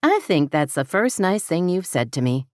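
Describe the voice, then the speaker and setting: A woman's voice: on the low side, very animated, normal speed, a little mellow, no echo, studio quality, voice pushed up. A woman voicing a candid young woman who teases and confides earnestly. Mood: confiding.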